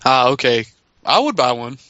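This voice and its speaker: A man's voice: medium pitch, very animated, moderate pace, pushed and bright, no echo. A man in a casual wrestling podcast chat, eager and rambling, with lots of fillers. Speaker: podcast co-host. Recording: dry, dull lo-fi audio.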